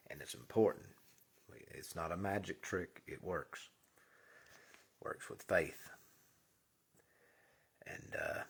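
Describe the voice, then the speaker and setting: Deep husky man giving a spiritual talk. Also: fairly bright tone. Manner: earnest, drops to a whisper for emphasis. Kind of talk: casual spiritual monologue.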